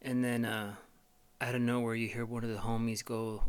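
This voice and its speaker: A man hosting a podcast, telling a rambling, profane comedic monologue with lots of halting fillers. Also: mid-range voice, level tone, clear, resonant tone. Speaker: podcast host.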